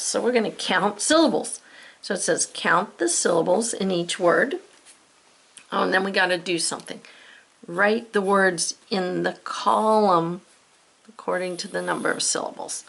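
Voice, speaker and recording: Gravelly-voiced woman teaching spelling. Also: on the low side, a bit bright. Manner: chatty, talks herself through each step. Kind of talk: spelling lesson.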